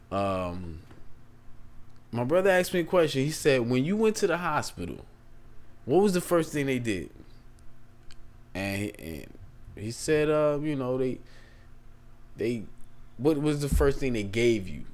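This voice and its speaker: A man hosting a casual tech tutorial, chatty and rambling, with features. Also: fairly low pitch. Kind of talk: casual screen-share tutorial.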